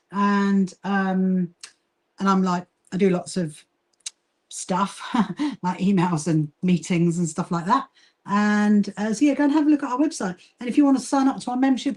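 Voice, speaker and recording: A woman from Brighton, England, with a southern English accent, chatting casually on a livestream while she sews and greets viewers by name. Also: a little high. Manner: chatty, reads and greets viewer comments, frequent fillers and laughs. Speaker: livestream host, quilting association founder.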